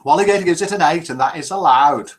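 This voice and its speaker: A man's voice: fairly high pitch, fast. A man over fifty hosting a live call-in show, joking and reading out viewers' messages. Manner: jokey, reads out viewer messages. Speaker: host.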